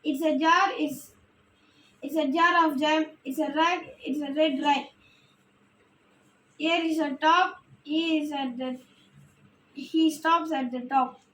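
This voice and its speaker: A woman teaching phonics and reading a children's book aloud, slowly and carefully, word by word. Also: high-pitched, steady tone, fairly bright tone, slight background noise. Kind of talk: slow phonics lesson and read-aloud. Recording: echoey room.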